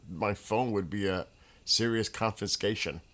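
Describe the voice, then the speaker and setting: A man hosting his own livestream from a room at home, telling casual, rambling stories in an excitable way, with restarts and laughs. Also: lowish voice, takes it slowly. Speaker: livestream host.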